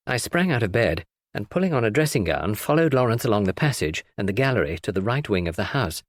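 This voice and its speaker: A man narrating a classic novel in a measured storytelling read. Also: fairly low pitch, big pitch swings, dry recording, studio quality. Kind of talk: audiobook narration.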